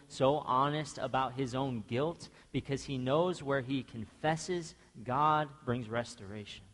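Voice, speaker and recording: A man preaching a sermon in a church, passionately acting out the people in the story he tells. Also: mid-range voice. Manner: impassioned, acts out biblical speakers. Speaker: pastor. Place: church sanctuary. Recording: church sanctuary with long reverb.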